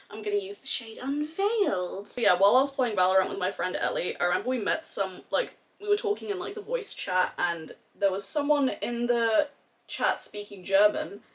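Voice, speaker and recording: A woman's voice: medium pitch, fairly bright tone. A young Australian woman chatting casually and animatedly through a makeup tutorial, with slangy, sweary asides. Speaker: beauty vlogger.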